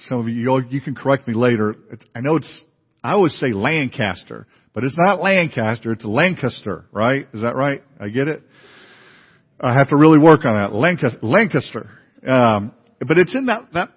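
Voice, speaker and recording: A pastor giving a sermon in a conversational way, with many fillers and restarts. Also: male voice, mid-range voice. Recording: dull, lo-fi recording in a reverberant hall.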